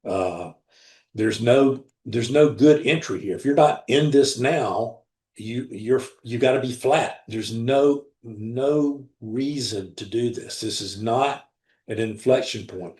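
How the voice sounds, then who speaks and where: Man, trading room host, live market commentary, slow, repeats words, blunt, echoey room. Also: mid-range voice, darkish tone. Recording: roomy echo.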